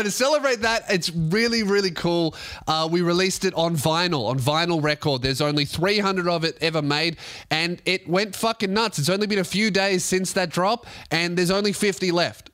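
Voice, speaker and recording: A young man with an Australian accent and a notably high speaking voice, hosting a casual podcast. He rants sarcastically and swears freely as he talks. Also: fairly bright tone. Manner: profane, ranting, sarcastic. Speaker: podcast host and comedian.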